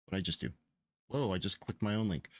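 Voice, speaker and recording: A man's voice: low voice, fairly quick, no room sound, studio quality. Rambling, profane male streamer. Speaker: game developer streamer. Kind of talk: casual livestream chat.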